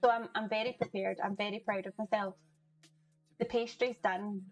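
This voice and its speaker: A woman's voice: mid-range voice, poor audio. A woman hosting a live cooking stream, chatting casually with viewers and greeting them by name as she cooks. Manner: chatty, greets chat by name, laughs often. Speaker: livestream cooking host. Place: home kitchen.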